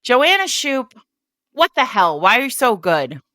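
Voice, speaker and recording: A woman's voice: a little high, very animated, unhurried, pushed and bright, no room sound, clean studio sound. A woman co-hosting a podcast in casual chat, playful and rambling. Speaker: podcast co-host.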